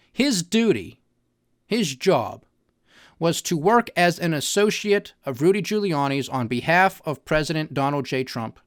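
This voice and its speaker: An emphatic man hosting a political commentary podcast, often checking in with his listener. His voice sits a bit high for a man, and the sound is dry and close to the mic. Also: dry recording. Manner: emphatic, repeats "All right?" to the listener. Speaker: podcast host.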